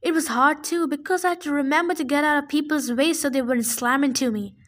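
A woman reads a novel aloud in a casual, fan-made audiobook style, dropping in her own chatty asides. Her voice is high and a bit bright, and she reads a little fast.

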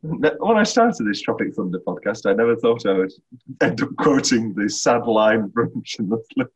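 A man co-hosting a casual film podcast, blunt and sweary, with a husky voice. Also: fairly low pitch, animated, normal speed, highs cut off. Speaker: podcast co-host.

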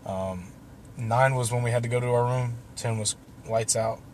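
A young man recounts a lengthy personal story casually, cursing and laughing through parts of it. His medium-pitched voice is steady and darkish, delivered at a moderate pace. A little hiss or hum sits in the recording.

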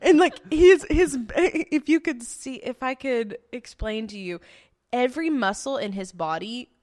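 A young woman telling a story in casual chat, animated and full of fillers, laughing often as she goes. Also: high-pitched, measured pace.

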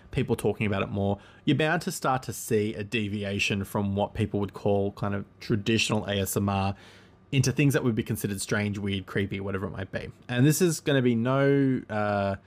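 A man hosting a casual solo podcast monologue, rambling and easygoing, with frequent ums and self-corrections. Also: lowish voice.

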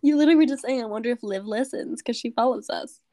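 A woman's voice: on the high side, quick pace, warm tone. A young woman co-hosting a podcast, chatting casually with a giggly, playful, rambling manner. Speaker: podcast co-host.

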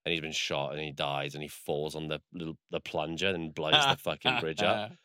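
A man's voice: rumbling low, little pitch movement, a little fast, bright, forceful tone, smooth, no echo, clean studio sound. A man in casual chat, rambling through a story with lots of fillers and swearing.

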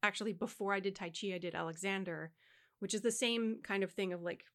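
A woman's voice: mid-range voice, fairly even intonation, quick pace, fairly bright tone. Woman co-host, voice-teacher manner, frank and instructive, casual chat. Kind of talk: casual conversation.

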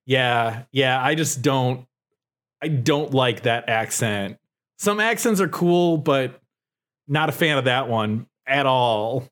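A man's voice: mid-range voice, animated, slow pace, fairly bright tone. A young man co-hosting a casual chat podcast, telling a story in a rambling way with many fillers and swears. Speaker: podcast co-host.

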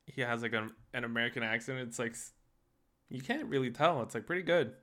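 A woman's voice: a bass voice, fairly quick, fairly bright tone. A young woman co-hosting a podcast in casual chat, teasing and swearing playfully. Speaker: podcast co-host.

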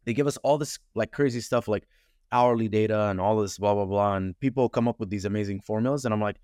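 Frank, animated man, low voice. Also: a little fast, dry recording, studio quality. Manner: animated, frank, swears casually, many fillers. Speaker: podcast guest, advertising consultant. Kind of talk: casual conversational interview.

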